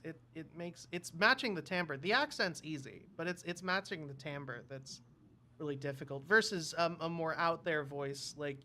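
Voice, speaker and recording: A man's voice: fairly high pitch, slight background noise. A man co-hosting a livestream, chatting casually and laughing often. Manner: animated, laughs often, tries cartoon voice impressions. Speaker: livestream co-host. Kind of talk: casual chat.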